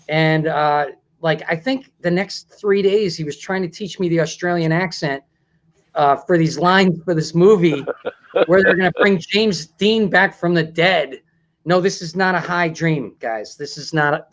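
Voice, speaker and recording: A man's voice: a little high, lo-fi sound. A man hosting a talk show, chatting in a rambling way and laughing often. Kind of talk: casual talk show chat.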